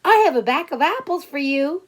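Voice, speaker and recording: A woman voicing a cheerful, helpful young boy in a children's story, with a bright, eager delivery. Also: sits high, animated, moderate pace, voice pushed up.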